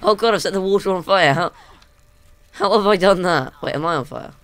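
A man narrating a let's play, excitable and panicky, with self-mocking jokes, on a desk condenser mic at home. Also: high-pitched, fairly quick, clean tone. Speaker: gaming video host.

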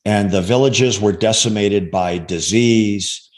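A man in his sixties, once an undercover agent, appears as an interview guest and tells a personal story haltingly and earnestly, restarting often. His voice is fairly low.

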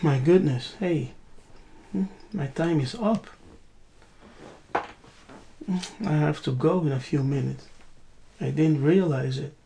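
A woman's voice: sits low, takes it slowly, creaky, long pauses, warm tone, a little hiss or hum. A woman giving a spiritual teaching, asking rhetorical questions and answering them herself with emphatic repetition.

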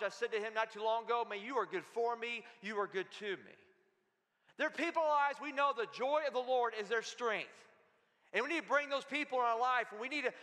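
A man's voice: sits high, pushed and bright. A man pastor preaching a sermon in an emphatic, conversational way, repeating his phrases. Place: church sanctuary. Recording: long church-hall reverb.

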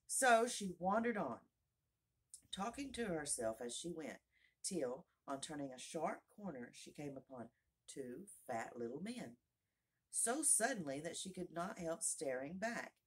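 Low, husky woman reading a storybook. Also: expressive, unhurried. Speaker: audiobook reader. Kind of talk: storybook read-aloud.

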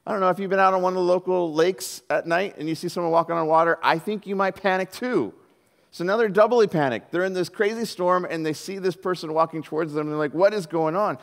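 A middle-aged man preaching a sermon as pastor, telling the story with animated quoted voices. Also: sits high, fast talker, gravelly, big-room sound. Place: church hall.

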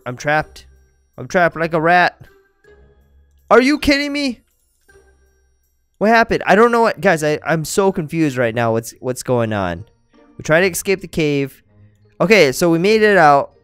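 A young man giving excitable gameplay commentary, talking straight to his viewers and yelping when something startles him. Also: mid-range voice, smooth, no room sound. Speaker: gaming YouTuber.

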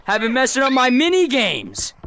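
Animated woman on noisy game chat. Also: high-pitched, normal speed. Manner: animated, teasing.

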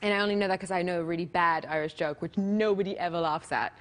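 A woman's voice: fairly low pitch, steady tone, fast talker. A woman in her thirties, a guest on a late-night talk show, telling a story with lots of giggles.

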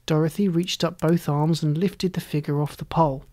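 A calm, measured storyteller reading aloud from a storybook. The voice sits at a middle pitch and moves along steadily, unhurried and plain. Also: no room sound. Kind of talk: storybook narration.

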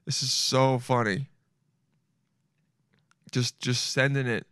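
A man's voice: medium pitch, steady tone, takes it slowly, a bit bright, clean tone, dry recording, studio quality. A young man hosting a podcast, riffing casually and animatedly, laughing often and slipping in slang like "dude". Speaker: podcast host. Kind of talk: casual solo podcast riff.

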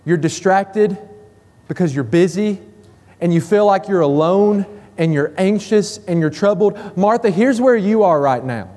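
A man preacher voicing a gentle, loving male teacher who speaks with compassion. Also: high-pitched, expressive, a little slow. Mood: compassionate. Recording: long reverb of a church hall.

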